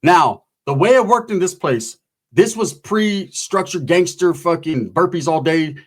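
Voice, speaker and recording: A man spins a rambling story in loose, profane slang. His speaking voice sits a bit higher than most men's, and his delivery stays casual and unpolished. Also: lively intonation, measured pace.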